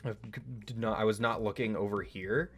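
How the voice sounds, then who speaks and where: Give me a young male co-host with a slightly low voice, chuckling through halting casual chat. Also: fairly even intonation, faint music behind.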